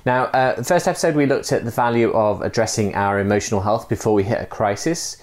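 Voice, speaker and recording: A man's voice: on the low side, fast talker. A man gives a church talk in a conversational way, with frequent "uh" fillers as he tells a story. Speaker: church speaker.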